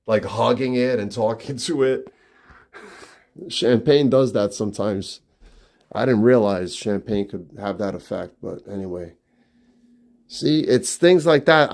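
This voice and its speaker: Soft-spoken man in his fifties. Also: mid-range voice. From New York. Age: 50s. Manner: chatty, soft-spoken, often trailing off quietly. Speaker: live streamer. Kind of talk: casual live-stream chat, reading viewer comments. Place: family home, indoors.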